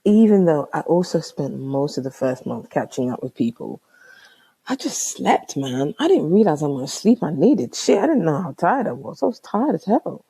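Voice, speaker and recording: A young woman with a London accent talks straight into her podcast in a low, slightly husky voice. Her pitch leaps up and drops away as she tells the story. She uses slang and exclaims, and she acts out each person in the conversation. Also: normal speed. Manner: animated, slangy, exclaiming and acting out both sides of a chat. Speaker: podcast host. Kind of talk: casual storytelling monologue.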